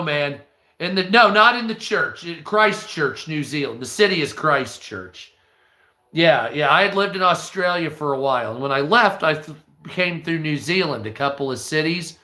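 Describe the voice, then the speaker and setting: A man's voice: a little high, lively intonation, moderate pace, bright, forceful tone. Profane storytelling man in a roomy space. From United States. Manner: profane, storytelling, talks to chat. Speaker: livestream host. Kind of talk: casual rambling chat.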